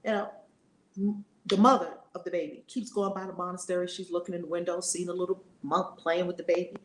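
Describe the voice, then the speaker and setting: Animated woman teacher in echoey room. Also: fairly low pitch, a little fast. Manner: animated, conversational. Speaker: spiritual teacher. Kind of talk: storytelling lesson.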